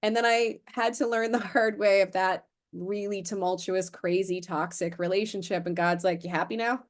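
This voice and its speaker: A woman's voice: medium pitch, moderate pace. A woman of about forty from Florida, a podcast guest telling stories in a casual interview. She acts out the dialogue she quotes and uses "like" a lot. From Florida, USA. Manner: animated, acts out quoted dialogue, frequent "like" fillers.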